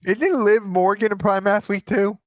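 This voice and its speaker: A man's voice: high-pitched, moderate pace. A young man co-hosting a wrestling watch-along stream, chatting casually and joking. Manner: joking, laughs at his own ideas. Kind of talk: casual chat. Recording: dull, dry sound.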